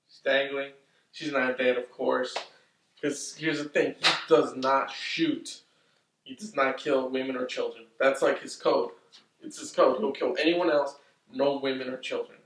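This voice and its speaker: A man casually recapping a film's plot, rambling, swearing often and getting excitable. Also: medium pitch, gravelly. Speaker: movie reviewer. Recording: roomy, distant from the mic.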